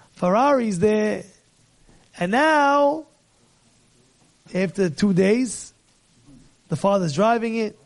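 A man telling a story in a sermon, swinging from hushed to shouting and repeating phrases for emphasis. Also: high-pitched. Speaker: speaker at a religious event.

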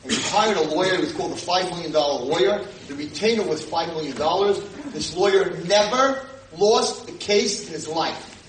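A man telling stories to a live audience, his voice pitched a little high. He jumps into loud, shouted voices for the people in his stories. He is miked from a distance in an echoey hall with steady background noise. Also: normal speed. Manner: acts out quoted voices with sudden loud shouts. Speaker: rabbi lecturer. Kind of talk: animated storytelling lecture to a live audience. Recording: roomy distant room mic with noise.

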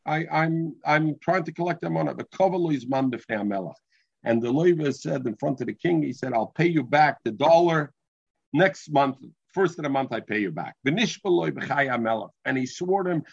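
A man's voice: medium pitch, gravelly, slightly rough, no room sound. A man teaching a Talmud class, mixing English with Hebrew and terms and often restarting his sentences. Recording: dull lo-fi recording.

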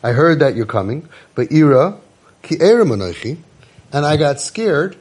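A Torah teacher with a slightly high, breathy voice leads a class at a moderate pace. He reads Hebrew verses and explains them in English, animatedly mixing the two languages and repeatedly posing rhetorical questions to his listeners.

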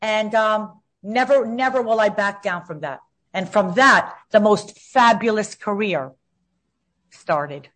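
A woman's voice: mid-range voice, slow pace, fairly bright tone. A woman in her fifties talking as an interview guest, outspoken and combative, repeating herself when heated. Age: 50s.

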